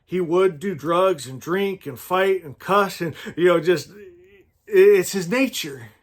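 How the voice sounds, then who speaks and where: In an unhurried, high voice, a Californian spiritual teacher preaches an informal, heartfelt sermon. He rambles through his own stories, frequently starting over and speaking aside to those listening.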